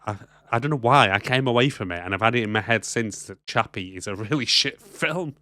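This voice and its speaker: A British man co-hosting a casual podcast from a studio, jokey and animated. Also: medium pitch, brisk, no echo. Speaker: podcast co-host. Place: home studio.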